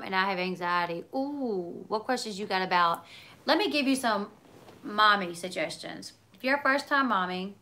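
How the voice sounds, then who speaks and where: Reading her viewers' comments as they come in, a livestream host in her thirties keeps things relaxed and meandering. She speaks at medium pitch with a bright, forward edge, and her chatty sentences spill over with likes and asides.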